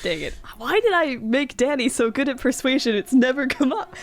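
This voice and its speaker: A woman's voice: sits high, expressive, normal speed. A woman playing a tabletop game, chatting casually and poking fun at herself. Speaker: player.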